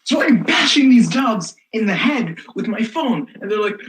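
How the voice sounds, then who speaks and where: Casting: young actress as a snarky teen girl rebel, sarcastic storyteller, pitch swings widely. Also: lively intonation, moderate pace, natural voice, low-quality recording. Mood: sardonic. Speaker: student actor. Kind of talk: comic stage monologue.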